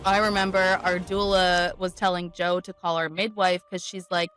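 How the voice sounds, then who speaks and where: A young woman who is a guest on a podcast, a new mother telling her story in a quick, animated way with laughter. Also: medium pitch, soft background music. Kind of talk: casual interview chat.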